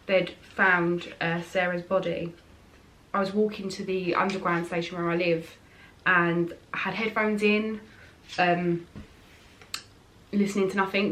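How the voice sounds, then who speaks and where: A woman's voice: lowish voice, a bit bright, recorded from a distance, slight background noise. A woman chatting frankly and casually while doing her makeup, rambling with fillers. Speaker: beauty vlogger.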